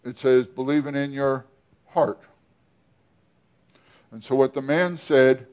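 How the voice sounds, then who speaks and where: A male pastor delivers a sermon at an unhurried, deliberate pace. He keeps turning to the congregation with questions and pauses between phrases, in a voice of ordinary pitch. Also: fairly even intonation, darkish tone, clean tone.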